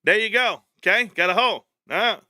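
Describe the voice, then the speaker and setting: A man's voice: high voice, a little fast, no room sound, clean studio sound. A man hosting a live stream in casual chat, rambling, joking and swearing a lot. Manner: profane, rambling, joking, laughs loudly.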